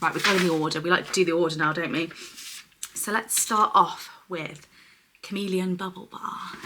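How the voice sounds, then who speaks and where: A young woman chatting effusively through a product unboxing, sometimes dropping to a hushed voice. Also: on the low side, steady tone, moderate pace, a little hiss or hum. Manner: chatty and effusive, often dropping to a soft hush over products. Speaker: beauty vlogger. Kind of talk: casual unboxing chat.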